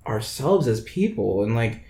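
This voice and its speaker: A man's voice: medium pitch, sing-song, measured pace, mellow. A man in his twenties hosting a podcast, chatting casually and rambling with lots of "like" fillers. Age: 20s. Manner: rambling, many "like" fillers, theatrical. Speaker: podcast host. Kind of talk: casual chat. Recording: roomy echo.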